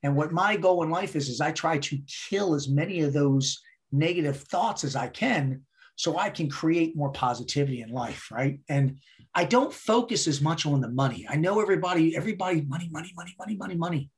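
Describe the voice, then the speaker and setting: A man's voice: a little high, lively intonation, normal speed. A man as a podcast guest talking casually, blunt and heavily profane, driving his points home with repetition. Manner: emphatic, repeats words for effect. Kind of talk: casual interview talk.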